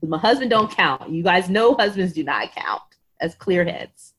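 A woman in her thirties, appearing as a podcast guest, tells a personal story in an animated way, acting out what others said and saying "like" constantly. Her voice is on the low side, a little slow and slightly rough.

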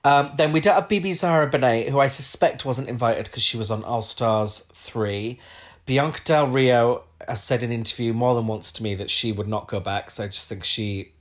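A man's voice: medium pitch, moderate pace. Chatty man co-hosting a podcast. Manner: chatty, dry joking, rambling lists. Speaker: podcast co-host. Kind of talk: casual podcast chat.

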